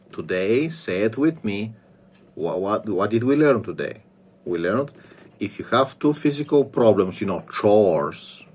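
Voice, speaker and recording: Low-voiced profane man ranting. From Bulgaria. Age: 30s. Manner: crude, rambling, profane, stammering repetitions. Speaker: vlogger. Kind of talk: casual rant.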